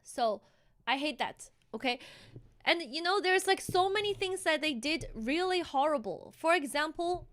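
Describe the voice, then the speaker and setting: A woman streamer with a high voice delivers a heated, animated rant on a livestream at normal speed. She keeps stumbling and restarting sentences as she pushes her point.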